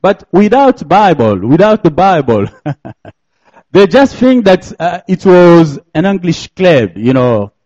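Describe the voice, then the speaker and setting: Man, French accent, native French speaker, sermon, slow and repetitive, laughs often, muffled lo-fi sound. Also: sits high, very animated, darkish tone. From DR Congo. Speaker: guest preacher.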